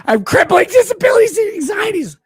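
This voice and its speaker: A drunk, slurring man voicing a whiny, pleading, self-pitying grown man in a high squealing whine. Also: very animated, fast, no room sound, clean studio sound.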